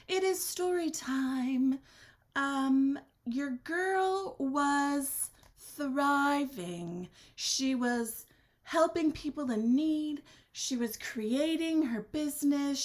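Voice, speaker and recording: A woman hosting her own podcast, talking alone in a blunt, sassy way, swearing freely and swinging her pitch for drama. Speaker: podcast host. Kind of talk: candid solo podcast monologue.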